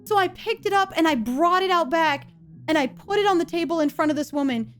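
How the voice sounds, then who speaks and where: A woman streamer telling a comedic story from her life in an animated, expressive way. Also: very high-pitched, a little fast.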